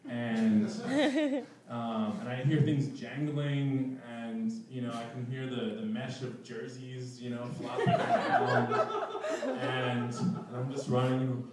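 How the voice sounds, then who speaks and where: A man's voice: medium pitch, very animated, slow pace, over a noisy crowd. A young man telling a personal story at a live event, self-mocking and laughing through his lines. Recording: echoey room, distant mic.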